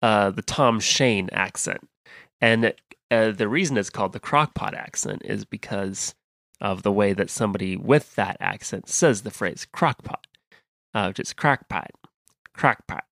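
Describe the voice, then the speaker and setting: A man with a Western American accent, born in California and raised in the Midwest, co-hosting a casual podcast chat, digressive and quick to laugh. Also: fairly low pitch, creaky, fairly bright tone, no echo. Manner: chatty, laughs often, digressive. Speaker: podcast co-host.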